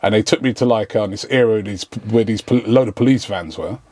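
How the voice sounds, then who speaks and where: A man's voice: fairly low pitch, a little fast, darkish tone, dry recording. A man telling a story in casual chat, acting out quoted lines in slangy talk. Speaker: podcast guest.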